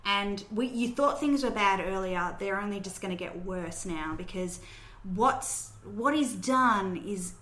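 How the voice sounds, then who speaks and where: A woman's voice: mid-range voice, a little slow, fairly bright tone. A woman hosting a podcast, chatting casually and retelling a film's plot scene by scene. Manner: chatty, storytelling recap with fillers. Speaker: podcast host recapping a film. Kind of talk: casual chat. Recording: roomy echo.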